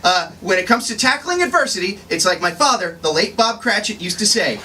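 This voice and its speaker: A man's voice: high voice, expressive, a little fast, a little hiss or hum, exaggerated voice. A man playing a grown-up Tiny Tim as a brash, self-promoting stand-up comic who tells hammy, corny punchlines. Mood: boastful. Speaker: stand-up comedian. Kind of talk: live character stand-up. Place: bookstore, indoors. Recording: far-off live room with loud crowd.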